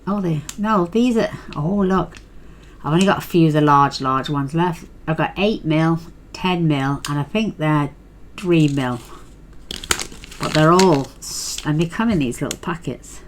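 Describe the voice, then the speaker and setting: Chatty middle-aged craft host, deep for a woman, casual and rambling, noisy tabletop sounds behind. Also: measured pace. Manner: chatty, rambling, thinks aloud with fillers. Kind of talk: casual craft tutorial chat.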